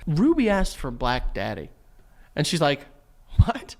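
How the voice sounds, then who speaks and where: Man in his thirties, podcast co-host, high voice, very lively pitch, acts out quotes. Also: unhurried. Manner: laughs through his own stories, acts out quotes. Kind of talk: animated comedic storytelling.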